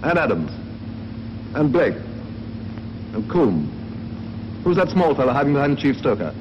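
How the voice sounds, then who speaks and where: An actor playing a brisk naval captain who addresses his crew in a commanding 1940s film style. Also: mid-range voice, big pitch swings. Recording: dull noisy old film soundtrack.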